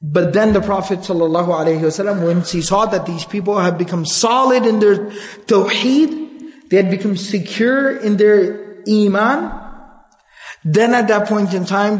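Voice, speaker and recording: A man's voice: high-pitched, big-room sound. A man giving a religious lecture, telling a story earnestly, reciting passages and then explaining them. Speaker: Islamic lecturer.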